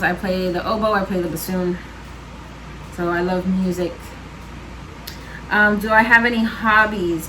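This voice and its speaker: A woman's voice: mid-range voice, pushed and bright, a little hiss or hum, rough recording. A woman chatting casually on her home vlog, answering questions with lots of fillers and laughs. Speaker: vlogger. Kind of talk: casual chat.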